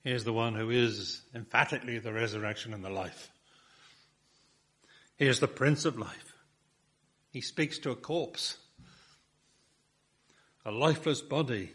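A man's voice: medium pitch, a little slow, long pauses, a bit bright, husky. A man preaching a sermon, building his points with rhetorical questions and emphatic repetition.

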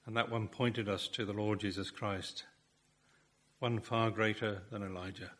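Husky guy preaching, lots of rhetorical questions, repeats himself for effect. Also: on the low side, steady tone, unhurried, a bit bright. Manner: rhetorical questions, emphatic repetition. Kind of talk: sermon.

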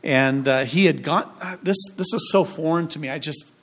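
A man's voice: on the high side, moderate pace, fairly bright tone. A man preaching a sermon as pastor, in a conversational way with jokes and rhetorical questions.

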